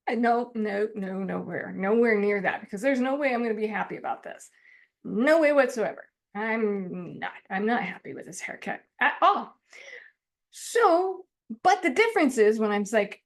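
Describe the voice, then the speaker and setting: A middle-aged woman talks through a self-counseling lesson in a friendly, conversational way. Her voice sits a little high, and she breaks into laughs and quick acted-out complaints as she explains. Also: very animated. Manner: chatty, laughs often, acts out her own complaints. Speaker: counselor teaching self-help skills. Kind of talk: informal teaching monologue.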